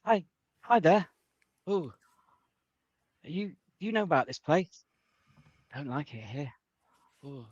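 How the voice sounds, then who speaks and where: A man puts on a timid, faltering man lost somewhere cold and misty, talking slowly with a pitch that lurches up and down. He wavers and mutters to himself, and the sound is a little dull. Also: expressive, no room sound. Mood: uneasy. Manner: halting, wavering, muttering asides. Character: hesitant nervous man in a cold misty place. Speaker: panelist. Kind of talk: improvised comic impression.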